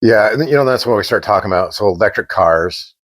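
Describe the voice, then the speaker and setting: A man co-hosting a podcast, chatting casually and telling an animated story, acting out the quoted exchanges. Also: lowish voice, a little fast. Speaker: podcast co-host.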